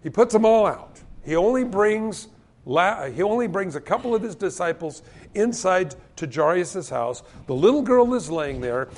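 A man's voice: high-pitched, moderate pace. A man preaching a sermon as pastor, telling the stories with energy and acting out the voices of the people in them. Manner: animated storytelling, acting out quoted voices.

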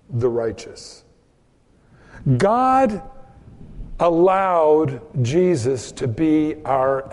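A man preaching a sermon in a relaxed, conversational way, telling homespun stories about kids and doing quick voices for the people in them. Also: a little high, big-room sound. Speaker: pastor.

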